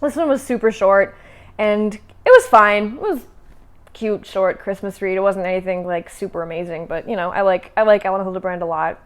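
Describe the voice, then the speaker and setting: A woman's voice: mid-range voice, moderate pace. A young woman casually chatting about books she has read, with many fillers and restarts. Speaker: book vlogger. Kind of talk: casual chat.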